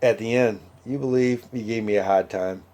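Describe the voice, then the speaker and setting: A man with a low, mellow voice tells a story in a loose, conversational way. He fills his talk with "uh" and "like" and acts out the lines of the people in it. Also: fairly even intonation, moderate pace. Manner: conversational, many fillers and quoted dialogue. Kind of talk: casual anecdote.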